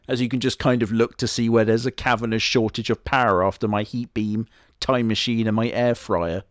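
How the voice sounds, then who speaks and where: Guy doing a deadpan bragging wolf, southwest english accent, dead dry sound, mid voice. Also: medium pitch, no echo, lightly acted. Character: deadpan boastful immortal male wolf. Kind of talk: comedy sketch character monologue.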